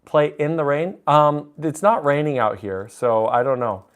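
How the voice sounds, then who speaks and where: A man's voice: a little high, a little slow. A man live-streaming at the piano, chatting casually, reading chat aloud and joking while taking song requests. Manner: chatty, reads chat aloud, jokey asides. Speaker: livestreaming pianist taking requests. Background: piano music.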